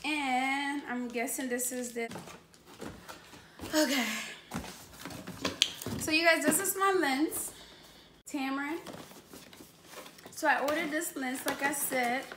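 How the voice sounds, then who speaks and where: Speaking slowly and pausing often, a YouTuber in her late twenties with a high voice unboxes a new camera for a vlog. She gushes, exclaims frequently, and laughs between comments; the indoor recording has echo and faint noise.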